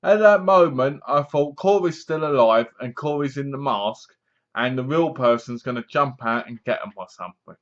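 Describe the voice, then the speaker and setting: A man's voice: mid-range voice, moderate pace. A man giving a sarcastic, casual spoken review, often acting out lines in funny voices. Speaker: film reviewer. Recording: dull lo-fi sound.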